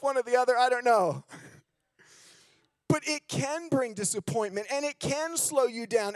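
A man preaching a sermon in a church, telling candid, self-mocking stories and swinging between loud emphasis and low, hushed lines. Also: no room sound. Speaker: guest preacher. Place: church sanctuary.

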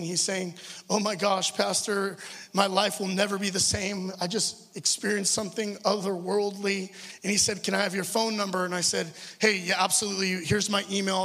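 High-voiced man preaching in a hall. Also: sharp tone. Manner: earnest, conversational preaching with stumbles. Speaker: pastor. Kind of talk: sermon. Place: church hall. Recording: long hall reverb with music.

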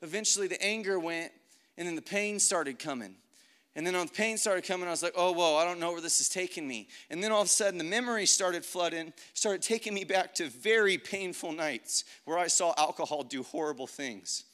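A man's voice: sits high, a little fast, pushed and bright. A man giving a casual, earnest personal testimony, talking in a loose conversational way with many fillers. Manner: casual and conversational, heavy use of "like"; earnest, reflective storytelling. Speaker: speaker sharing a faith story.

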